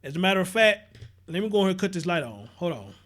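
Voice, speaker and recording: A man's voice: high voice, big pitch swings, quick pace, fairly bright tone. A man hosting a casual livestream, chatting straight to his viewers and greeting them by name. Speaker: livestream host.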